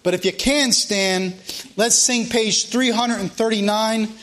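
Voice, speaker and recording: A man with a high voice preaching a church sermon. He repeats key phrases with a fervent, driving cadence and leads the congregation in prayer. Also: a little slow, a bit bright.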